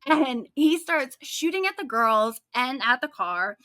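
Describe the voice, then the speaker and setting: A woman co-hosting a true-crime podcast, talking in a casual, animated way with a sarcastic edge. Her voice is bright and a little high. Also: a little slow, dry recording, studio quality. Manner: animated, sarcastic storytelling with frequent likes. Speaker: podcast co-host.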